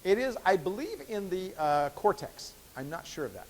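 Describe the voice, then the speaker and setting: A man's voice: sits high, sing-song, moderate pace, a little hiss or hum. A man giving a university biochemistry lecture in a conversational way, with fillers and restarts. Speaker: biochemistry professor. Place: lecture hall. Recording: echoey lecture hall.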